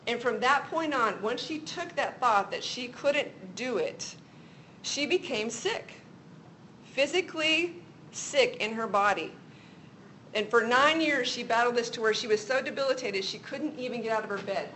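A middle-aged woman with a slightly high voice gives an earnest faith teaching on a talk show. She tells personal testimony stories in a conversational way. A faint low hum sits under her voice. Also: lively intonation, normal speed, sharp tone, rough recording. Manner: earnest, testimony-style storytelling.

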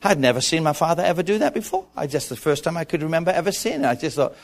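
A middle-aged man preaching a sermon, telling stories with animated repetition. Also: fairly high pitch, rapid-fire. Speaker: pastor.

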